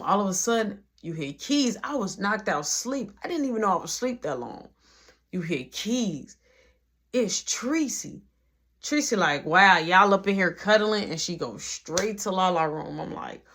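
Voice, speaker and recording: A young man telling a casual storytime, acting out every quote and dropping to a hush in the quiet parts. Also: high-pitched. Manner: animated, acts out every quote, drops to a hush for quiet scenes.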